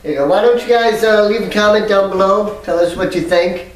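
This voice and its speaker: Brief: easygoing co-host, a bit distant from the mic, roomy echo. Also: male voice, high-pitched, brisk, a little hiss or hum. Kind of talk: casual chat. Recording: echoey room, distant mic.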